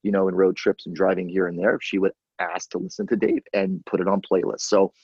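A man hosting a podcast in casual chat, telling stories with excitable energy. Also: low voice, brisk, husky, no echo. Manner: animated storyteller, excitable. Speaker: podcast host. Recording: dull, lo-fi dry sound.

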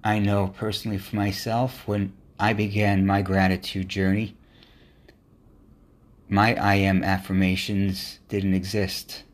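Slow, earnest low-voiced male podcaster. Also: completely flat delivery. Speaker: podcast host. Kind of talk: motivational podcast monologue.

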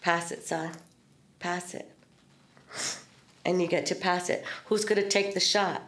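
A woman's voice: fairly low pitch, steady tone, normal speed, fairly bright tone. Earnest middle-aged woman, echoey room. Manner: earnest, storytelling, spiritual talk with swearing and laughs. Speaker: podcast host. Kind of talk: candid heartfelt conversation.

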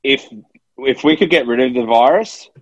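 An Australian co-host on a podcast, locked down in Melbourne, tells a heartfelt personal story in casual conversation. His medium-pitched voice moves at a moderate pace, and the recording is dry and dull-sounding.

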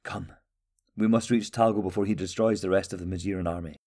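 A man's voice: low voice, fairly even intonation, fast talker, dark tone. A man voicing a resolute warrior king in a storybook, speaking with command. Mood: grave.

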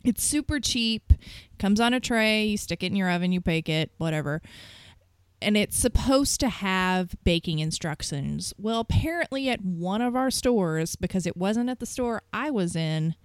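A woman's voice: mid-range voice, moderate pace, smooth, no room sound, studio quality. A young woman in casual chat, telling stories about her work as a store manager and acting out callers with a sugary, mocking voice. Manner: animated, mimics callers in a sugary voice.

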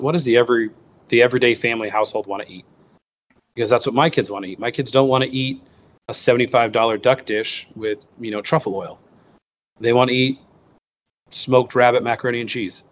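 With a medium-pitched, steady voice moving a little fast, a man in his thirties shares his story over slight background noise. He's a wild game cook and recipe writer appearing as a guest in a laid-back interview, performing the voices of people he mentions and restarting a lot.

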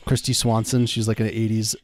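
Low-voiced wry podcast co-host man. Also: flat delivery, brisk, darkish tone. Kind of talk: casual chat.

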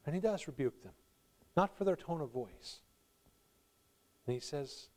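A male pastor preaching a sermon, swinging from quiet reflection to loud, pleading emphasis, with warm laughs between points. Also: a little high, expressive, measured pace, long pauses.

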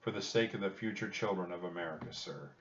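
A man's voice: low-pitched, quick pace, fairly bright tone, roomy sound, slight background noise. A man doing eager young girl Annie. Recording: dull distant recording.

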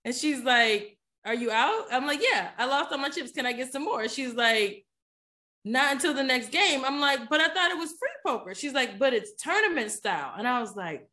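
A woman with a somewhat high voice talks through a personal story as a podcast guest. She is chatty and animated, and keeps turning to her listener with little check-ins. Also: normal speed. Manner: animated, chatty, keeps asking "you know what I'm saying?". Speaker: podcast guest, poker player. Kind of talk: casual storytelling in an interview.

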